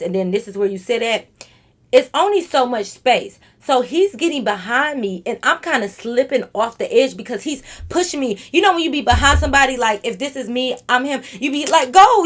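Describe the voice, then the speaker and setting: Woman vlogger doing a storytime, swears a lot, kinda high voice that jumps up and down a ton. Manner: animated, profane, talks straight to the viewers. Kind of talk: storytime monologue to camera.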